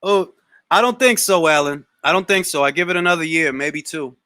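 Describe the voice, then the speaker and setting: Young male talk-show host, bright tense voice, dry close sound, loose slangy delivery with restarts. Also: a little high, fairly quick, clear, resonant tone, dry recording. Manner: animated, slangy, repeats words when starting a thought. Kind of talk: casual live Q&A chat.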